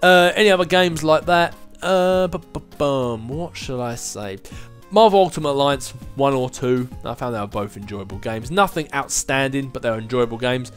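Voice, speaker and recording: Young male vlogger in his twenties, mid-pitched and conversational, rambling through viewer questions with restarts, faint music under him. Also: expressive, moderate pace, hardly any pauses. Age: 20s. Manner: rambling, chatty, with frequent restarts and laughs. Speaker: YouTube channel host answering viewer questions. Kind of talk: casual chat.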